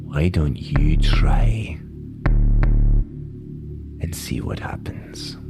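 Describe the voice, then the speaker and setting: A threatening Scottish gangster boss, as a man puts him on for a tabletop game. The voice sits very low and deep, with a put-on Scottish accent. He talks softly and dangerously, sinking to whispers to make his threats land. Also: very animated, takes it slowly, loud music behind the voice, heavily acted. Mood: menacing. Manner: softly menacing, drops into whispers. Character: menacing male Scottish crime boss, smooth and threatening. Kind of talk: tabletop role-play character voice.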